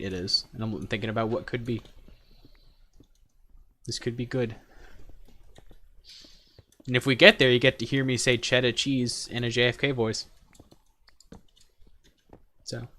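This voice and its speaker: A young man with a bright, forward voice chatting casually on a gaming stream. He rambles and jokes, with plenty of fillers and restarts. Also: medium pitch, little pitch movement, normal speed, pauses often. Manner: rambling, joking, many fillers.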